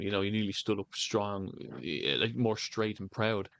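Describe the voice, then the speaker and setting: A man's voice: fairly low pitch, normal speed, a bit bright. An Irish man in his thirties, a candidate talking in a loose, rambling way with lots of "you know" fillers. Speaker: election candidate canvassing. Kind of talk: casual interview talk.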